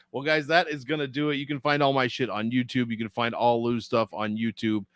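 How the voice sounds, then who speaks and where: A man hosting a casual betting podcast, laid-back and quick to laugh as he wraps things up. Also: medium pitch, animated, no room sound, clean studio sound. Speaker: podcast host.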